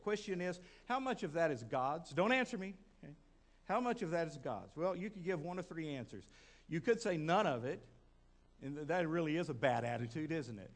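A male pastor preaching a sermon in a conversational way, asking the congregation questions and repeating words to build emphasis. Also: on the high side.

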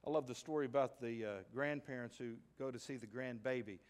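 A man preaching a sermon as pastor in a church, telling a story with animated delivery and sudden shouted emphases. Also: mid-range voice, brisk, few pauses. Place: church sanctuary.

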